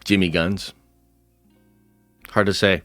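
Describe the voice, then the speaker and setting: A man's voice: deep voice, level tone, takes it slowly, a bit bright, no room sound, faint music behind. A man hosting a livestream, chatting casually, reacting to viewers and swearing freely. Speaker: streamer host. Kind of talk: livestream commentary with chat.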